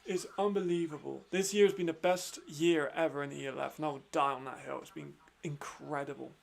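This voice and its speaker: High-voiced excitable man watching football. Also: a little fast, vocal fry. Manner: excitable, swears often, laughs a lot. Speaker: football watch-along host. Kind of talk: excited live commentary and chat.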